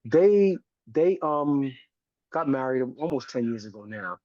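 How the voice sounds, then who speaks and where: A man's voice: medium pitch, animated, a little slow, darkish tone, no room sound. A man in his forties from the United States, a community educator speaking passionately in an interview and often checking in with "right?". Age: 40s. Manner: emphatic, preachy, keeps tagging "right?". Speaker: podcast guest, community educator. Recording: dull, dry lo-fi recording.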